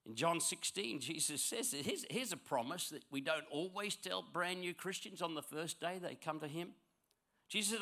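Man, preaching a sermon, bright forceful tone, slightly high voice, animated delivery. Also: normal speed. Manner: animated preaching, swinging from loud to hushed. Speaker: pastor.

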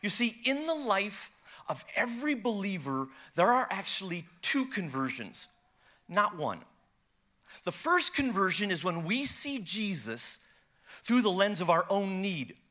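A man preaching, his voice pitched high and ringing bright. He tells his story with wide leaps of pitch, surging loud and then dropping to a hush, like a practiced storyteller from the pulpit. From United States. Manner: animated storyteller, swings from loud to hushed. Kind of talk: sermon with a personal story.

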